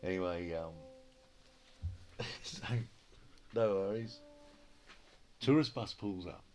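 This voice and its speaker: Deep Australian male storyteller, casual and sweary, plays every part in his anecdotes, music under. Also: lively intonation, slow, a little mellow. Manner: rambling, swears freely, acts out quoted dialogue. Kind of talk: casual yarn-telling.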